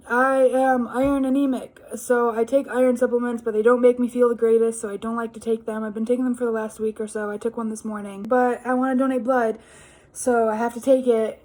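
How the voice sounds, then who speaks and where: A young woman talking to her camera in a casual, rambling vlog with lots of fillers. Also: on the high side. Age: young adult. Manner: rambling, chatty, frequent fillers. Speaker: vlogger.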